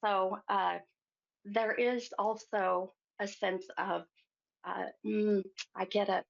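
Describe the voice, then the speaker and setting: Gravelly woman giving a psychic reading. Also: mid-range voice, steady tone, takes it slowly. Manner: gentle and warm with the caller, calling her hon and my friend. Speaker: psychic medium host. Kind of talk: live psychic reading for a caller. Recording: muffled lo-fi sound.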